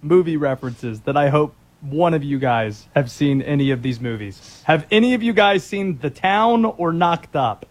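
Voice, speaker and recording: A man's voice: on the high side, animated, normal speed, few pauses. A man hosting a sports talk show, teasing his co-host and setting up topics. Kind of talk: sports talk radio banter.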